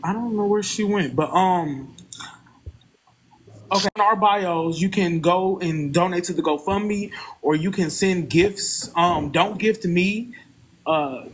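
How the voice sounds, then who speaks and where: A man hosting a casual live stream, talking loosely with many fillers and pauses. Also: high-pitched, husky, poor audio. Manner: loose, halting, full of fillers.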